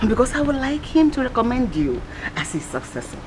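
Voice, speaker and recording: A woman's voice: on the high side, very animated, a little fast, a little mellow, a little hiss or hum. An actress with a Nigerian accent playing a scheming queen mother, coaxing and conspiring.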